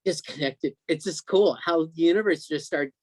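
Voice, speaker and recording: Man, excited storyteller, slightly high voice, dry sound, video call. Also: normal speed, dry recording. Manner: excited, emotional storyteller who acts out quotes. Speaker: guest.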